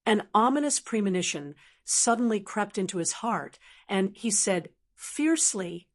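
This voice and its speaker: A woman's synthetic voice reading an audiobook in even, steady scripted narration. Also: mid-range voice, measured pace, few pauses.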